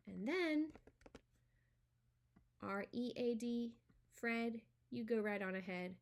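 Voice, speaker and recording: A woman teaching a spelling lesson to a homeschool class. She dictates words slowly and clearly, and opens with a playful pretend phone call. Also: fairly high pitch.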